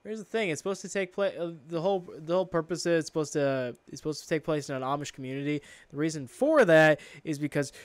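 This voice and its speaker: A man's voice: a little high, fast, hardly any pauses, no echo. A man co-hosting a podcast in casual chat, ranting with plenty of swearing and exasperation. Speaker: podcast co-host.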